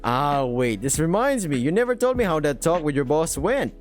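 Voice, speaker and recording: A man's voice: on the high side, big pitch swings, normal speed, faint music behind. A man voicing a friendly, upbeat young male dragon in a visual novel, talking in a chatty, reassuring way.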